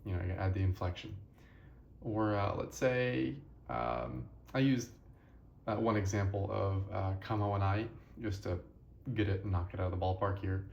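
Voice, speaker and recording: Tired young man with a gravelly voice. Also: low-pitched, normal speed, a little mellow, echoey room, lo-fi sound, slight background noise. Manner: tired, rambling, self-correcting. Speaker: language lesson host. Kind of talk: casual spoken lesson.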